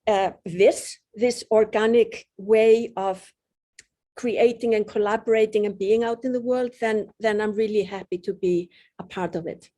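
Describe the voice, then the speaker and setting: A woman's voice: medium pitch, fairly even intonation, measured pace, warm tone. A woman speaking heartfelt and a little emotional in a casual online group talk, often restarting her words. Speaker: community member.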